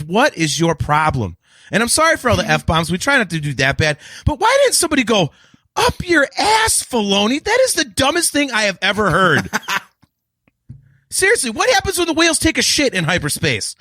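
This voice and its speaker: A man co-hosting a casual podcast review, ranting loudly and swearing often. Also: very high voice, dry recording, studio quality. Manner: profane shouting rants. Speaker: podcast co-host.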